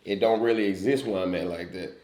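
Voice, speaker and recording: Man, western Louisiana accent, low voice, relaxed drawl, roomy echo. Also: fairly quick, a little hiss or hum. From Louisiana, USA. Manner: relaxed, drawling, hesitant with fillers. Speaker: co-host, partner. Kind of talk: casual couples chat. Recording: echoey room.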